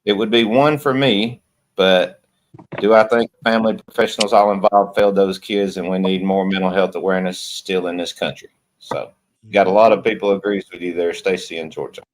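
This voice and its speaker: A man's voice: sits low, steady tone, fairly quick, a little hiss or hum, rough recording. A man hosting a casual live panel chat, talking in a folksy, emphatic way and repeating himself for effect. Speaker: livestream host.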